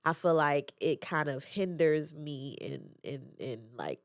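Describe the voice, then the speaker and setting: A young woman guest on a podcast talks frankly about herself. Her voice sits low, and it is recorded close and dry. She is reflective and quick to laugh. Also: animated, no room sound. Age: young adult. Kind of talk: casual chat.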